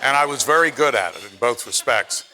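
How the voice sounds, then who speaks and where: A man's voice: medium pitch, expressive, fairly quick, pushed and bright. A man in his late seventies from Pennsylvania giving a chatty, self-deprecating after-dinner speech and acting out quotes in his stories. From Pennsylvania, USA. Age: 70s.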